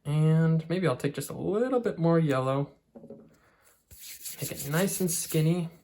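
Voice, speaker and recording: A man's voice: on the high side, a little slow, mellow. A man art teacher talking children through a clay craft, step by step. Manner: friendly, step-by-step instruction.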